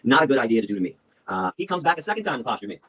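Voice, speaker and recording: A man in his fifties telling stories in an interview, animated and blunt, repeating words as he talks. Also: medium pitch, rough recording. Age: 50s. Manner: animated, blunt, fast-talking with repetitions. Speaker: activist speaker.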